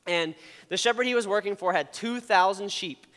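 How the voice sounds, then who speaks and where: A man giving a casual, animated sermon, talking with a conversational tone and frequent "okay?" asides. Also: high voice, moderate pace, long reverb tail.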